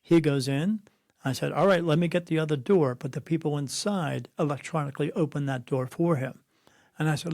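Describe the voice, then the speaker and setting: This is a brisk, highish male voice with vocal fry and a slightly mellow tone, captured in a studio with no room sound. The speaker, a middle-aged spirit medium in a conversational interview, tells stories in a blunt, preachy way and voices the people he quotes.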